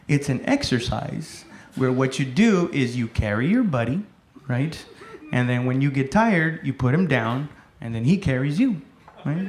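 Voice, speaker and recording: A man doing stand-up comedy on a club stage, telling self-deprecating, profane stories in a loose, conversational way. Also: mid-range voice. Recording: roomy club with noisy audience.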